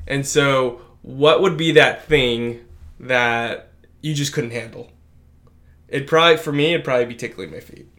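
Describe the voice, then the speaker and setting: A man's voice: mid-range voice, a little slow, fairly bright tone. A man co-hosting a casual podcast, telling stories with lots of fillers and restarts. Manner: rambling, many fillers and restarts. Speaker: podcast co-host. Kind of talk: casual chat.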